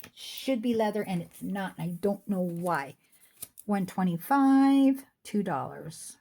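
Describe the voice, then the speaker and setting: A woman's voice: medium pitch, expressive, slow pace, mellow. Chatty woman selling jewelry at home. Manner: chatty, rambling asides. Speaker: online jewelry seller. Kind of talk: casual chat while showing jewelry. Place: home room with a squeaky chair.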